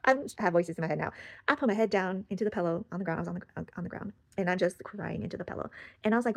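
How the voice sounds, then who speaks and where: A young woman talks through a personal story in a rambling, casual way, with lots of fillers and restarts. Her pitch sits in the middle and she moves along quickly. The sound is close and dry, with no room echo. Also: creaky, a little mellow. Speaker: channel host.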